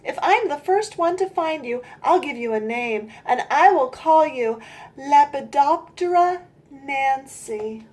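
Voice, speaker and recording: A woman's voice: sits high, lively intonation, takes it slowly, darkish tone, voice pushed up. A woman voicing a timid, dreamy little girl gosling in a storybook read-aloud, with a small, eager childlike voice. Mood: excited.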